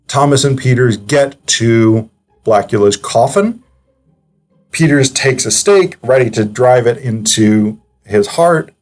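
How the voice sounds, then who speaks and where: Male film reviewer, mid-pitched, chatty and hesitant, thinking out loud over faint background music. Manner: chatty, digressive, hesitant with filler words. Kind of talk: casual analytical commentary.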